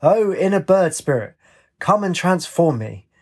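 A man reading aloud, voicing an earnest, impulsive young woman in a raised, husky voice. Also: normal speed. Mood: lively. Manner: raised pitch, lively delivery.

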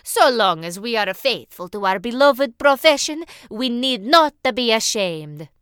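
A woman's voice: a little high, expressive, a little slow, a bit bright, clean tone, no echo, clean studio sound. A woman voicing a cheerful, eager male bandit who talks in a grand, formal way in a storybook reading. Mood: grandiose.

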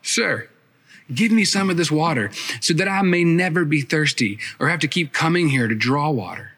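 A man voicing a sharp-tongued, skeptical woman. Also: a little high, expressive, moderate pace. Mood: challenging. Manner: challenging, questioning. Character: skeptical, quick-witted Samaritan woman at a well.

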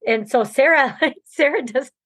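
Brief: woman podcast guest, rambling storyteller, laughs a lot, fairly high voice, dry close sound. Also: a little slow, a bit bright, husky, dry recording. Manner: rambling storytelling, laughs often, many fillers. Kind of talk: casual interview chat.

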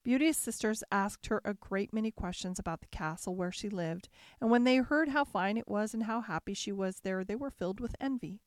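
A woman narrating a classic fairy tale in a calm, measured storybook reading. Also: medium pitch, no echo, clean studio sound.

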